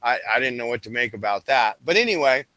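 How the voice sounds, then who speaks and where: A man's voice: medium pitch, expressive, quick pace, sharp tone, no room sound. A man hosting a casual stream, telling a rambling story full of fillers and restarts. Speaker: stream host.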